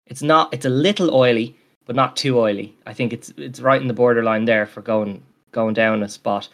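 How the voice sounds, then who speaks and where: A man's voice: mid-range voice, moderate pace. A man co-hosting a podcast, talking in a rambling, enthusiastic way with many fillers. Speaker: podcast co-host. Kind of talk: casual chat.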